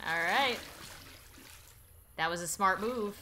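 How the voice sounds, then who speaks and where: A woman's voice: on the high side, sing-song, pushed and bright. A young woman narrating a life-sim game as a Let's Play host, playfully voicing her characters. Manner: playful, voices her characters in quick asides. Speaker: gaming YouTuber.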